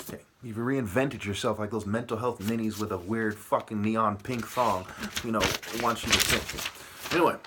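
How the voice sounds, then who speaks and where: A man's voice: medium pitch, a bit bright, a little hiss or hum. A man delivering a profane, aggressive, rambling monologue full of rhetorical questions. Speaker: vlogger.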